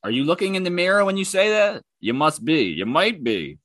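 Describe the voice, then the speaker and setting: A man's voice: a little high, sing-song, fairly quick, a bit bright, no echo. A man hosting his own podcast and ranting about online comments, heated, profane and mocking. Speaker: podcast host.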